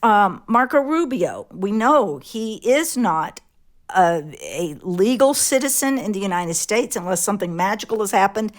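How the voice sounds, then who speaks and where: A woman co-hosting a political talk show, speaking bluntly and swearing now and then. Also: medium pitch. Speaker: co-host.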